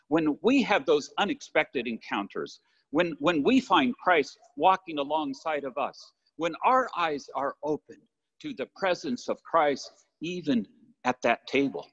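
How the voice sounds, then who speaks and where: A man's voice: fairly high pitch, breathy edge. An older man preaching a sermon from his church, talking conversationally and often asking his listeners "right?". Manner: conversational, warm asides with "right?". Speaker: pastor. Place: church sanctuary. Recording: lo-fi livestream with long church reverb.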